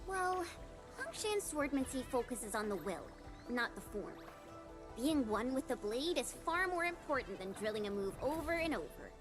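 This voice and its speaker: A woman's voice: high voice, big pitch swings, moderate pace. A woman voicing a confident, impatient young swordswoman companion in a video game. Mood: instructive. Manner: impatient, self-assured. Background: game music.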